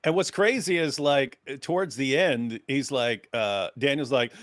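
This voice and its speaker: A man's voice: medium pitch, normal speed, few pauses, fairly bright tone, dry recording. A man co-hosting a live discussion, sounding incredulous, laughing between points and hesitating with fillers. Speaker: live show co-host. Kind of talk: heated casual discussion.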